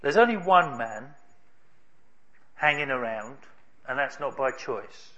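A man preaching a sermon, telling a story in an emphatic way with dramatic pauses. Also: medium pitch, animated, sharp tone, muffled recording.

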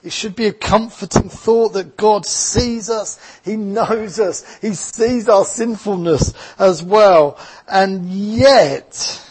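A man's voice: high-pitched, darkish tone, breathy edge. A man with an Essex English accent preaching a sermon as a pastor, earnest and reflective, mixing scripture with personal stories.

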